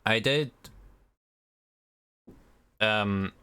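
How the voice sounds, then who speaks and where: Very slowly and in a fairly low voice with a pushed, bright quality, a Scotsman chats with viewers during a video game stream, wandering off as he responds to their questions. The tone is clean.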